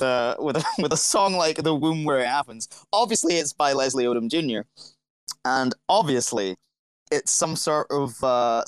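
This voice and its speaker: A man's voice: a little high, smooth, no echo. A man, co-hosting a podcast in casual chat, rambling and correcting himself, laughing often. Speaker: podcast co-host.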